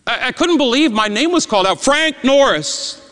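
High, bright-voiced preacher telling a story. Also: male voice, lively intonation, normal speed. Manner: emotional, with stammered repeats and dramatic swings between loud and hushed. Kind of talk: sermon storytelling. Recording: long reverb in a large hall.

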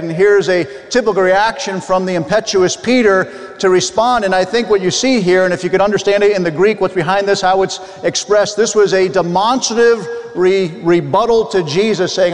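A man's voice: high voice, normal speed, few pauses. A man preaching a sermon earnestly, reading old scripture aloud with frequent restarts. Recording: long hall reverb.

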